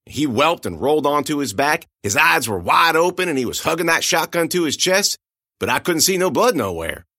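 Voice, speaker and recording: A man narrating a first-person audiobook with lively, expressive storytelling. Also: fairly high pitch, normal speed, no room sound, studio quality.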